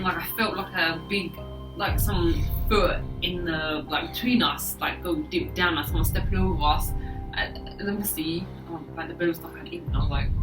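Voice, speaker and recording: A woman's voice: on the low side, reverberant, far from the mic, rough recording. Young woman, hesitant, off-mic with music. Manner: hesitant, full of fillers. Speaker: guest, best friend. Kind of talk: casual storytime chat.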